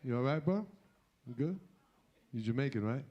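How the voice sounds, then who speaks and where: A man's voice: mid-range voice, lively intonation, normal speed, mellow, muffled recording, slight background noise. A man from Brooklyn hosting a comedy show, hyping and teasing the crowd. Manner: hypes and teases the crowd. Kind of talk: stand-up hosting and crowd work. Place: comedy club stage with live audience.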